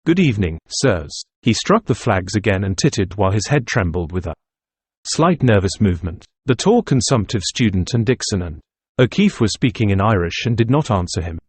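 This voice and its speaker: Low, husky male audiobook narrator. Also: expressive, a little fast, no echo. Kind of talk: scripted narration of a novel.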